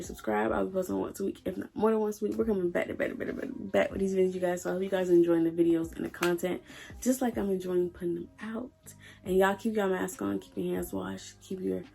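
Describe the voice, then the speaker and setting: A woman's voice: mid-range voice, fast talker, creaky, warm tone, husky, faint music behind. A young woman vlogging as a dialysis tech, telling a story to her viewers in a blunt, emotional way and swearing freely. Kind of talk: casual storytelling vlog.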